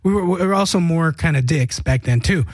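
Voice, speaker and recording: A man with a fairly high voice tells stories in casual chat as a guest musician. He swears freely and acts out other people's lines. The recording is dry and close. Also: brisk, no echo. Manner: animated storytelling, profane, acts out quotes.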